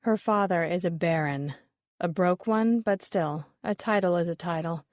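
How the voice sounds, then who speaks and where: A woman's voice: fairly low pitch, moderate pace, darkish tone, no room sound, natural voice. A woman reading the lines of a blunt, dismissive middle-aged woman appraiser in an audiobook, with a dry, offhand delivery.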